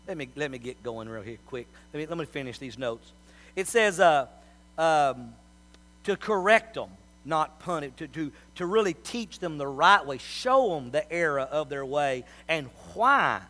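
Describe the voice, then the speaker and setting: A middle-aged man preaching a sermon, telling folksy family stories and swinging from soft asides to loud appeals. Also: on the high side. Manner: folksy storytelling with big swings in loudness.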